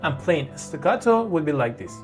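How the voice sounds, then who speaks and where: A piano teacher who explains a beginner piece in a slow, halting way, with frequent fillers and restarts. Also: mid-range voice, very animated. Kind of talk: online piano tutorial.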